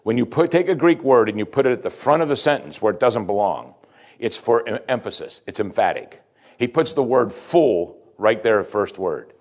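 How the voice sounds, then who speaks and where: A man preaching a sermon in a plain-spoken, folksy way, full of rhetorical questions, swinging from loud emphatic bursts to low quiet asides. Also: animated, normal speed.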